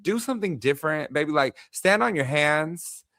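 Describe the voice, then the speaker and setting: A man in his thirties co-hosts a casual podcast chat, sassy and full of "like". His voice is bright and swoops all over the place. The sound is close and dry. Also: on the high side, moderate pace, no echo. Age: 30s. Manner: sassy, animated storytelling with lots of "like". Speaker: podcast co-host.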